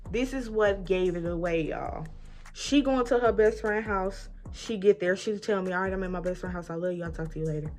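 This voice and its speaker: A woman in her twenties telling an emphatic, casual storytime while getting ready, acting out both sides of an argument. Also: lowish voice. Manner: animated, emphatic storytelling, often addressing listeners as y'all; acts out both sides of arguments, rising loud when retelling fights. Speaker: vlogger.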